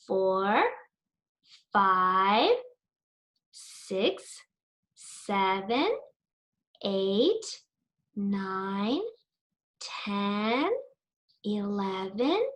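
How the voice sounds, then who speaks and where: A middle-aged preschool teacher tells a story and leads circle time, speaking in a sing-song, encouraging way and asking the children plenty of questions. Her voice sits on the high side.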